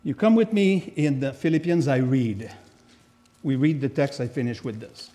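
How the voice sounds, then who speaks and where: A middle-aged man preaching as a guest speaker in a church, animated and playful, reading scripture aloud and breaking off into emphatic, joking asides to the congregation. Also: mid-range voice, normal speed. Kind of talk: sermon. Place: church sanctuary.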